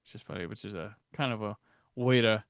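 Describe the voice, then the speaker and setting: A man's voice: lowish voice, fairly quick, clear, resonant tone, dry recording, studio quality. A man hosting a podcast in a casual chat, rambling loosely and laughing often. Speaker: podcast host.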